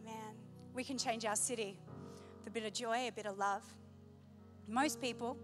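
A woman pastor on a church stage, preaching with passion and moving between loud exhortation and soft storytelling. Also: on the high side. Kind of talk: sermon.

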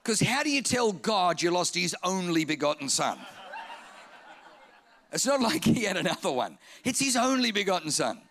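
A man preaching a sermon in an animated, comic way, repeating phrases and acting out voices. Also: sits high, normal speed.

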